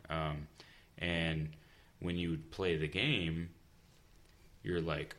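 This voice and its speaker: A man's voice: low-pitched, steady tone, extremely slow, pauses often, a bit bright. A man, a comic book writer, chatting casually and telling stories in an easygoing way. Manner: easygoing, storytelling with acted quotes. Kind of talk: casual podcast chat.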